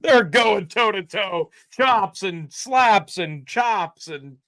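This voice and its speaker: A man co-hosting a live wrestling watchalong, giving excited play-by-play and swearing freely. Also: high-pitched, slow. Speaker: watchalong co-host. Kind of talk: live reaction commentary.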